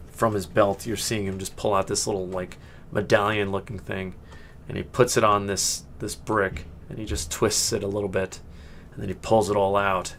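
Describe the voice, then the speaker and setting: Man, low voice, game master, rambling narration, many fillers, laughs often. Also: slight background noise.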